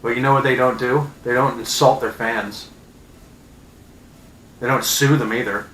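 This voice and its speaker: A man in his thirties ranting angrily as a sports fan, profane and sarcastic, with loud outbursts. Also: medium pitch, fairly even intonation, a little slow, reverberant, a little hiss or hum, poor audio. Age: 30s. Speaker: vlogger. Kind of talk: angry sports fan rant.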